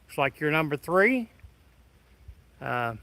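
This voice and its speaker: Folksy man, bright and dry. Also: fairly high pitch, big pitch swings, slow pace, gravelly, no echo, rough recording. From Midwest of the United States. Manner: folksy, friendly, greets viewers by name. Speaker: live stream host. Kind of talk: casual live stream chat reading comments.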